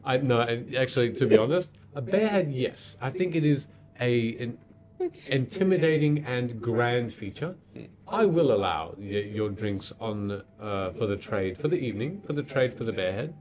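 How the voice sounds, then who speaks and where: A man's voice: mid-range voice, expressive, normal speed, darkish tone, lightly acted. A man voicing a polite, apologetic female innkeeper who speaks formally and hesitantly. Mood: courteous.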